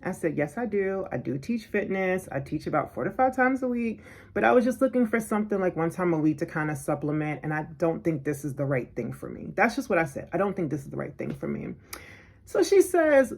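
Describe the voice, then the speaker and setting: A woman vlogger telling a personal story in an animated, indignant way, acting out what people said. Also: fairly low pitch, fairly quick. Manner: animated, indignant, acts out quotes. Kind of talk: storytelling vlog.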